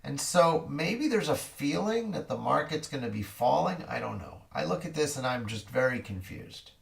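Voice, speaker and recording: A man's voice: medium pitch, animated, moderate pace, gravelly. A man giving casual market commentary in a rambling, wry way with corny jokes, a little distant from the mic.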